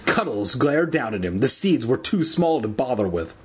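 A man reading a children's horror story aloud, breaking off now and then for joking, crude remarks. His voice is husky and breathy at a middle pitch, with a lively, animated lilt. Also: normal speed. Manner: joking, adds crude asides. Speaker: reader. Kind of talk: irreverent storybook reading with asides.

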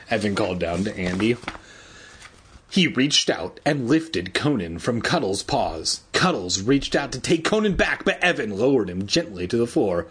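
A man's voice: on the low side, expressive, moderate pace, a bit bright, husky. A man reading a children's book aloud casually, adding joking asides and laughing at his own slips. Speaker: reader.

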